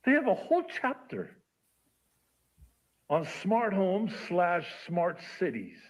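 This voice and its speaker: A man guest on a livestream who reads a list aloud slowly, teasing each item with suspense. His voice is fairly high for a man and swoops widely in pitch, and he takes his time. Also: huge pitch swings. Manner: dramatic, builds suspense, teasing. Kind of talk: reading a list aloud with commentary.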